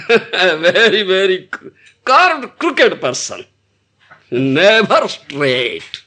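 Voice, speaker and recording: A man's voice: high voice, sing-song, takes it slowly, sharp tone. A man teaching a devotional lecture to an audience, often asking them rhetorical questions and laughing as he explains. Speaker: spiritual teacher.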